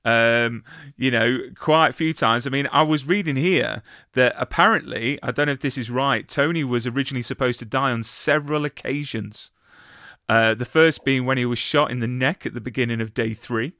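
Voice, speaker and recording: A man's voice: medium pitch, sharp tone, clean tone, no room sound, studio quality. A man interviewing a guest, laughing along and reading questions from his notes. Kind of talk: casual interview.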